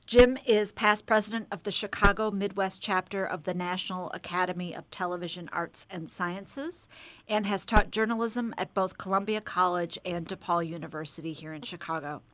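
A woman's voice: lowish voice, normal speed, a bit bright. A woman co-hosting a radio interview, reading a guest's introduction and teasing him. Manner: teasing, reads intro smoothly.

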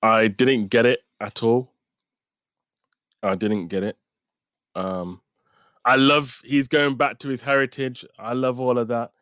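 A man's voice: mid-range voice, fairly even intonation, slow, pauses often, fairly bright tone, no room sound, clean studio sound. A man co-hosting a casual sports podcast, teasing and laughing often. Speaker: podcast co-host.

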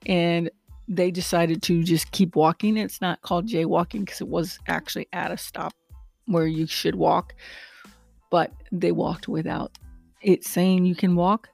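A woman vlogger chatting casually to her viewers in a rambling, animated way about her pet peeves. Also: on the low side, measured pace, creaky, no echo, soft background music. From lives in Texas. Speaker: vlogger and rideshare driver. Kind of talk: casual chat to camera.

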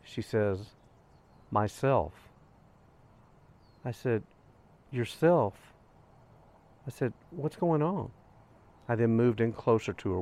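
An older man hosting a grief vlog, telling a personal story in an earnest, gentle way with soft pauses. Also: on the low side. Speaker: grief podcast host. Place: outdoors on a hiking trail.

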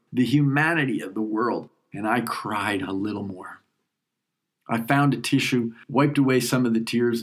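A man's voice: mid-range voice, breathy edge. A man tells his own story in a mid-range voice. He narrates reflectively and with feeling, letting moments breathe. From New York. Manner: reflective, emotional, unhurried. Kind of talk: first-person story narration.

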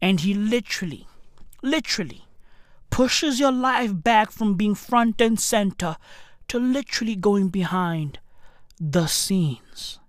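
A woman doing a profane comedy rant in a slangy street-bro manner, with shouted bursts. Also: medium pitch, lively intonation, slow pace, no room sound, clean studio sound. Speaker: comedic news commentator.

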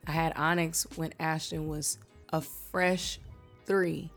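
A woman in her thirties, a podcast co-host, telling stories in a blunt, profane, animated way. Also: low-pitched, takes it slowly, soft background music. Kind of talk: casual chat.

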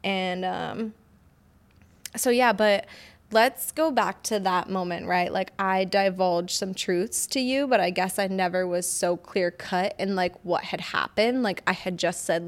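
A woman's voice: medium pitch, measured pace. A woman hosting a podcast, talking frankly and with animation, cursing freely and acting out quoted conversations. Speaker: podcast host.

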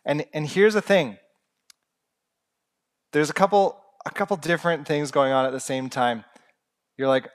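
A man's voice: medium pitch, fairly even intonation, normal speed, long pauses. A young man preaching a sermon in an earnest, conversational way with humorous asides.

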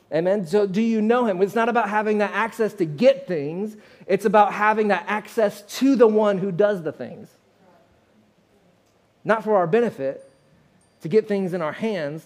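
Pastor preaching a sermon, male, higher-pitched voice, loose and conversational with the congregation. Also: darkish tone.

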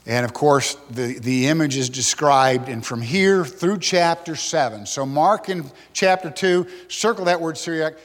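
A man preaching an expository sermon from the pulpit, animated, swinging between loud outbursts and hushed asides. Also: fairly high pitch, unhurried, few pauses, long reverb tail. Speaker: pastor.

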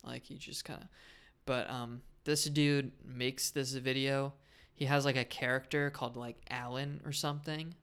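Laid-back man with a smooth voice. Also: mid-range voice, flat delivery, normal speed, fairly bright tone. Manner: laid-back, teasing, rambling. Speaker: podcast co-host. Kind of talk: casual podcast chat.

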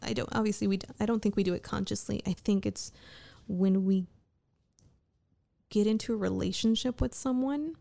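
Gravelly-voiced woman rambling late at night. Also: medium pitch, normal speed, long pauses, dark tone. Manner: candid, profane, rambling with frequent restarts. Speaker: vlogger.

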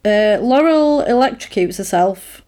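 A woman with a middle-pitched voice chats casually, walking a friend through a film scene by scene. She talks in an easy, chatty way and slips into the characters' lines as she goes. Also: animated, measured pace, dark tone. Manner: chatty, retells scenes with acted-out quotes and laughs. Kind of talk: casual chat recapping a film.

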